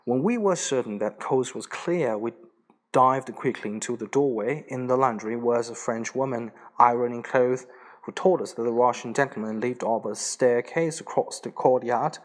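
A man reads a story aloud at a middling pitch. His narration is plain and steady. Now and then he stumbles and restarts a word. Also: moderate pace. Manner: plain reading with small slips and restarts. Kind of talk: audiobook reading.

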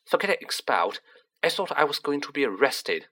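A man's voice: a little high, big pitch swings, normal speed, pushed and bright, pitched above the performer's own voice, full character voice. Harry, a man doing a modest teenage boy.

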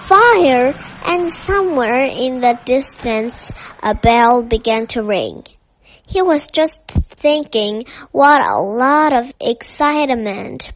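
A woman reads a children's storybook in a gentle, measured way with a slightly high voice. She speaks very slowly and evenly. The recording sounds dull and lo-fi. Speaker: narrator. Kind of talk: storybook reading aloud.

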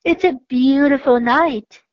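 Lady voicing a soft kind owl, storybook reading, slow and a bit high, dull dry recording. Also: dry recording. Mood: reassuring. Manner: gentle, reassuring storybook reading. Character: calm, kindly owl showing the night.

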